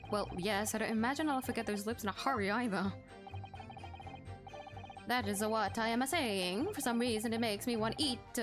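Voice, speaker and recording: A fairly high-voiced woman streamer reads game dialogue aloud, doing the characters' voices. She stumbles over words and laughs at her own slips in a playful, loose way. Game background music plays clearly under her voice. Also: normal speed.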